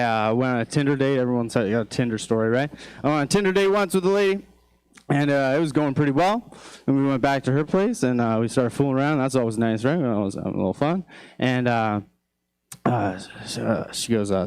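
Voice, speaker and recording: A young man doing a stand-up comedy set, telling loose rambling stories with lots of fillers, and his voice jumps high for exasperated quoted outbursts. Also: darkish tone, clear, resonant tone, no room sound. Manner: loose, rambling storytelling with frequent fillers and restarts. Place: comedy club stage.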